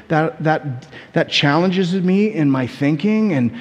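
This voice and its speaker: American pastor preaching in a reverberant hall. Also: male voice, a little high, a little slow, few pauses, lo-fi sound. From United States. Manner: conversational, animated storytelling with repetitions. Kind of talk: sermon.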